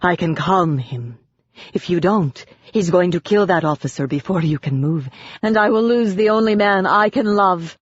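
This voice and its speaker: Elegant coaxing banshee mother with an odd accent read by the narrator, soft and well-bred, lo-fi. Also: mid-range voice, normal speed, husky, natural voice. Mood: insistent. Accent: odd unnamed accent. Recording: dull, dry lo-fi audio.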